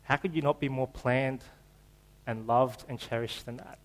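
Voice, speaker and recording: A man's voice: mid-range voice, steady tone, moderate pace, low-quality recording. A man preaches to his church in an easy, conversational way, slipping jokes between scripture readings. His voice sits mid-range for a man. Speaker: pastor. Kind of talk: sermon.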